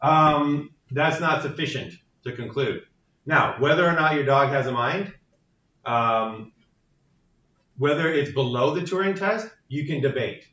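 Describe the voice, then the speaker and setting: Heard from a distance in an echoey classroom, this university lecturer's recording is dull and a little muffled. His mid-range voice is sharp and a little slow as he patiently explains concepts, frequently asking "right?" to check on students.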